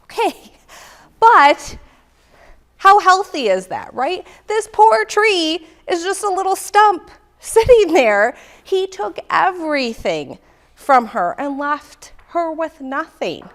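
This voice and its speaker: A woman's voice: very high-pitched, very animated, slow, fairly bright tone. A woman giving a workshop talk in a conversational way, often checking in with the audience with "right?". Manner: conversational, keeps asking "right?". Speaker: workshop speaker. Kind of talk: leadership talk.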